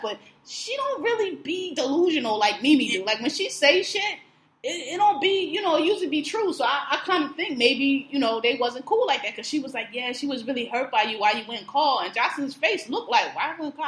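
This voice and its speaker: A woman's voice: high voice, a bit bright, reverberant. A woman co-hosting a podcast, chatting casually and profanely about a reality show, acting out quotes with laughter. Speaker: podcast co-host.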